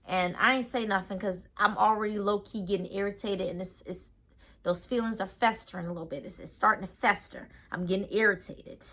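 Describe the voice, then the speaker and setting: A young adult woman tells a storytime to her camera, talking casually and ranting with plenty of slang. Her voice is bright and forward, sitting at an ordinary pitch for a woman. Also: fairly even intonation, a little fast. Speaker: storytime vlogger.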